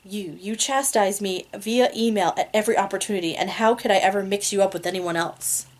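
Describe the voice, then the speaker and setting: A woman's voice: medium pitch, steady tone, brisk. A woman reading a romance novel aloud in a casual amateur way, laughing at her own slips. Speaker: reader.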